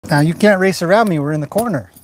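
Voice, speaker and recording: A man giving calm livestream commentary while training a horse in an indoor arena, talking to the horse and his viewers in turn. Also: fairly high pitch, fast, a little hiss or hum.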